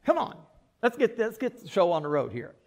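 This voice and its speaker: Guy preaching, doing a fed-up scolding teacher, high voice, loud and fast. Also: wildly swooping pitch, heavily acted. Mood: exasperated. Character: exasperated male teacher scolding his followers.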